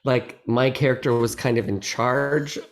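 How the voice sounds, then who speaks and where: A man, a guest actor in a casual interview, who talks in an animated, rambling way with many restarts and laughs. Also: medium pitch, unhurried. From United States.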